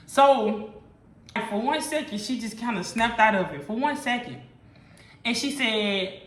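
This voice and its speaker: A woman talks straight to her viewers in a high, sharp, bright voice, telling a story with heavy slang and plenty of swearing. The sound is roomy and echoey. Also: moderate pace. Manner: emphatic, profane, slangy storytelling. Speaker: vlogger. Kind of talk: storytime monologue.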